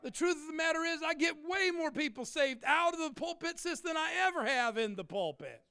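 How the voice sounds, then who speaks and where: A middle-aged man preaching a humorous sermon, animated and joking, swinging from shouts to quiet asides. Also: very high-pitched, brisk, no room sound. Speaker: pastor.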